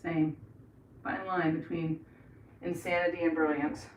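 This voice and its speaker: This is a chatty, rambling American woman in middle age, hosting a casual livestream and reading out her viewers' messages. Her voice sits a little low. She is recorded from across an echoey home bathroom, with a faint hiss behind her. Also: flat delivery, measured pace. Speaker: livestream host. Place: home bathroom, painting trim. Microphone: camera set across the room. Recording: echoey room, voice far from mic, faint noise.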